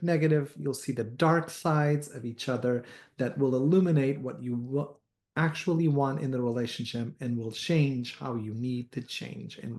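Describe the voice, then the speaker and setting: A man of ordinary pitch tells a story from a tarot reading to his class. He hesitates and restarts often, and he picks up energy whenever he quotes someone. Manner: hesitant, many restarts and "uh", animated when quoting. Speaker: tarot teacher.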